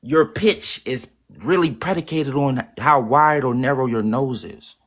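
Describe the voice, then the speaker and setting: A man's voice: mid-range voice, unhurried, fairly bright tone. A man hosting a casual livestream chat with callers. He is insistent, repeats himself and keeps cutting in. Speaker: livestream host.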